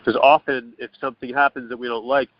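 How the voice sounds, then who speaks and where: A man's voice: medium pitch, level tone, fast talker, no echo. Man explaining earnestly over a phone line. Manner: earnest, loose explaining with restarts and acted-out quotes. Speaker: interview guest. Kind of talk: casual explanatory phone interview. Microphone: telephone. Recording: dull, dry phone line.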